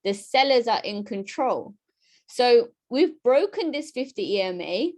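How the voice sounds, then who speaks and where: A woman giving a live-streamed trading lesson, lively and chatty, talking straight to her viewers and often asking "right?". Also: on the high side, a little slow. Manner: talks straight to her chat audience. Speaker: trading educator.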